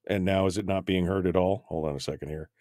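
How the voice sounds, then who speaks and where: A man's voice: sits low, fairly even intonation, fast, a little mellow, dry recording. A male talk radio host speaking live on air, rambling and flustered as he fixes failing studio gear, with many restarts.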